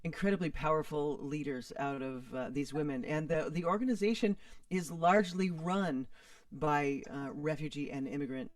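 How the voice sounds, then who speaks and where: Soft, thoughtful woman, far from the mic. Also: sits low, moderate pace, dry recording. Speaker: musician guest. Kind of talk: conversational interview.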